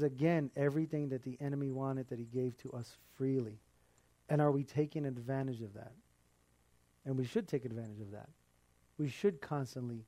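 A man's voice: medium pitch, a little mellow, no room sound. A man preaching a sermon in an earnest, conversational way, with the odd laugh.

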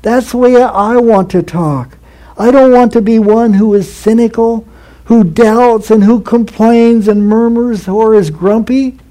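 A man preaching a sermon, earnest and measured, often repeating his phrases for emphasis. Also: sits high, mellow, rough recording. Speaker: pastor.

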